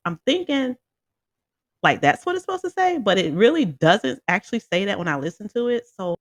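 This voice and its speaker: A casual music reviewer rambles through his thoughts on a song in an animated way, full of fillers and frequent laughs, and talks straight to his viewers. His voice sits at an ordinary middle pitch and moves at normal speed. The recording is close and dry, with no room sound.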